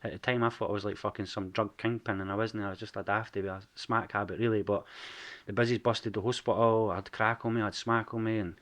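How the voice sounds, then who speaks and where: A man's voice: fairly low pitch, steady tone, fast, few pauses, a bit bright. A man in his forties with an Edinburgh Scottish accent, a podcast guest telling his story frankly and casually, swearing freely. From Scotland.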